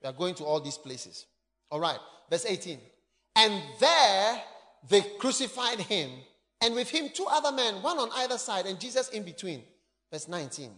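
Man, sermon, high voice, bright tone, emphatic, echoey church hall. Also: normal speed. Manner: animated, emphatic, bursts into shouts. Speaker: preacher. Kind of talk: sermon reading and explaining scripture.

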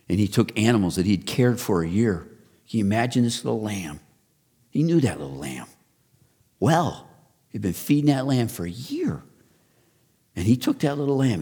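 A man in his fifties, a pastor preaching a sermon, who builds to loud rhetorical questions and then drops low and soft. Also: breathy edge.

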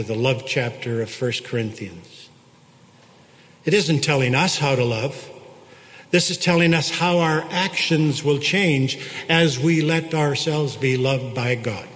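Slow reflective male preacher in a church. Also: mid-range voice, fairly bright tone. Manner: slow, reflective, with long pauses. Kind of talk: sermon. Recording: long church reverb.

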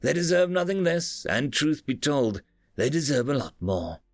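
A man's voice: on the high side, moderate pace, no room sound, soft background music, voice pushed up. Man reading as a blunt starship captain. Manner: clipped commands, flat and dry. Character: stern male starship captain, blunt and weary.

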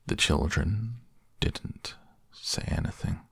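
Male audiobook narrator, very low husky voice, measured telling, dry booth sound. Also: no echo. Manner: measured storytelling with quoted dialogue in near-own voice. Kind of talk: audiobook reading.

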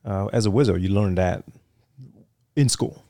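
A middle-aged man with a Vietnamese accent, a retired military aviator telling his story in a relaxed interview, full of "you know" fillers. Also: on the low side, unhurried, dry recording, studio quality. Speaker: interview guest, retired Marine fighter weapons officer.

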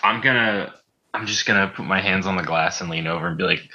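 A man's voice: low-pitched, fast, pushed and bright, muffled recording. A man playing in a tabletop game, talking casually as he rolls dice. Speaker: player.

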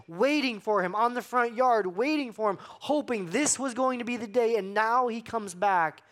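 A man pastor preaching a sermon, acting out the voices he quotes and dropping to hushed emphasis. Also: high voice.

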